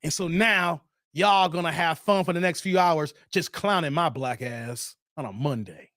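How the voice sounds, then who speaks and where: A man with a high-pitched voice hosts his own live stream, answering viewer comments in playful protest. The sound is dry and close, with no room around it. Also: normal speed, fairly bright tone, no echo. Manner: joking, reacts to viewer comments. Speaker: host. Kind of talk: livestream chat reading.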